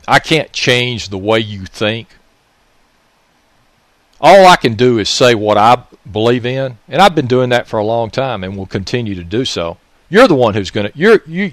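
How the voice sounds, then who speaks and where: A man with a Mississippi Southern accent, medium-pitched and slightly bright with no echo, unleashes an angry political monologue. Raising his voice and cursing, he keeps lecturing listeners with question after question.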